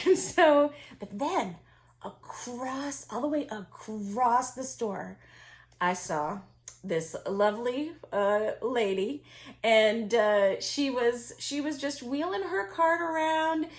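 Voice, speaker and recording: A woman who resells vintage finds tells a story in casual chat, laughing often, using lots of fillers, and restarting her sentences. Her voice is on the high side, animated, and slow.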